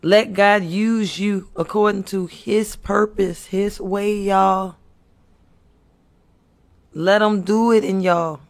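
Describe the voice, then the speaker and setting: A man's voice: sits high, fairly even intonation, slow. A man preaching to his viewers with impassioned, earnest exhortation, pleading and repeating himself. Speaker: faith speaker.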